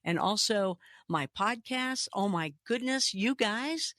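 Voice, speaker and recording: A woman hosting a radio talk show, a little hoarse, chatty and upbeat, laughing between words. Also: medium pitch, animated, slow pace, fairly bright tone, no echo, studio quality. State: slightly hoarse. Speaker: radio host.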